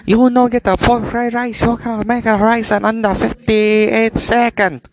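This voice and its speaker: A man's voice: a little high, moderate pace, no room sound. A man playing an impatient shop clerk. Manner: stilted broken English.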